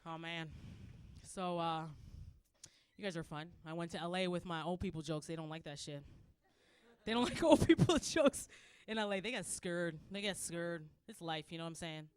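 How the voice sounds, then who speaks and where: A young Canadian woman with a Canadian accent doing a loud, animated stand-up set, acting out characters and laughing often. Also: on the low side, moderate pace, long pauses, smooth. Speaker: stand-up comedian.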